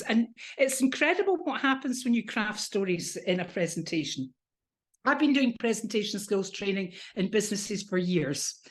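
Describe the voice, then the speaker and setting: A woman with a British accent, a coach teaching presentation skills, animated and demonstrating voice exercises. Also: mid-range voice. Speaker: NLP coach and trainer.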